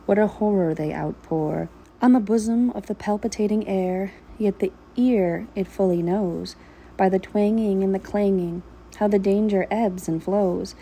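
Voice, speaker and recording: A woman vlogger reading a poem aloud while cooking at home in her kitchen, in a slow, emphatic recital that draws out repeated words. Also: medium pitch, mellow, slight background noise, poor audio. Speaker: vlogger and mother of a large family. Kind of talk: dramatic poetry reading.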